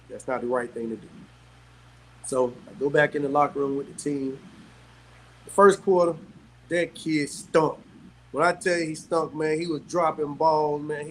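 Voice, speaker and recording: A middle-aged man from South Carolina, telling stories as a guest in casual chat, animated and quick to laugh. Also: on the high side, slight background noise, poor audio. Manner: animated, laughs often, peppers talk with "man". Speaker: guest, former pro athlete. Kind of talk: casual storytelling.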